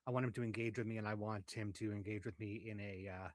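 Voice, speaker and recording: Low-voiced man playing a tabletop game. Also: fairly even intonation, fast talker, no echo. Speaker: player. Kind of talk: tabletop role-play.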